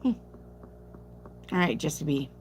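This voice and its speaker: A woman's voice: low-pitched, lively intonation, slow, a little mellow, slight background noise. A woman reading tarot on a live stream, chatting casually, reading viewer questions aloud and answering them bluntly, sounding sleepy. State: sleepy, yawning.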